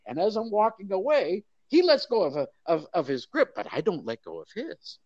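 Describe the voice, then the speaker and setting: An older man telling a lively anecdote in an interview, acting out voices of the crowd. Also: high-pitched, moderate pace, no echo, dull audio. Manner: animated storyteller, acts out crowd voices. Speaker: guest, mascot performer. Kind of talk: storytelling interview.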